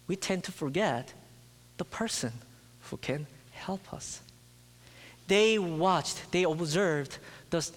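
A man preaching a sermon, emphatic, dropping to a near-whisper at times. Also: high-pitched. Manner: emphatic, slow, swings from loud to near-whisper. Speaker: pastor. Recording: long hall reverb.

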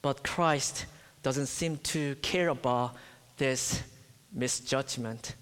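With a smooth, mid-range voice, a male pastor preaches slowly and with emphasis, sometimes sinking to a near-whisper before rising loud again. The sound echoes with a long hall reverb.

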